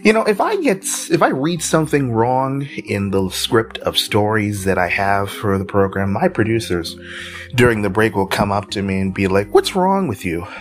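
Guy hosting a news podcast, cracks jokes between stories, pitch all over the place. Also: animated, moderate pace, soft background music. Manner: jokey, chatty asides with fillers. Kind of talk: casual news commentary.

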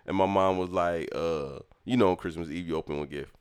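A young man telling a lively childhood story in casual chat, acting out the people in it. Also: low-pitched, fairly quick, clean tone. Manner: animated, acts out voices in his story. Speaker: storyteller talking with his mother.

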